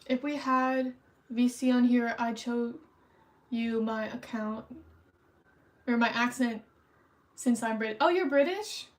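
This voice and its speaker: High-voiced chatty woman streamer. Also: monotone, takes it slowly, pauses often, poor audio. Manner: chatty, rambling, self-conscious. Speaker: streamer hosting trivia. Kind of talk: casual livestream chat.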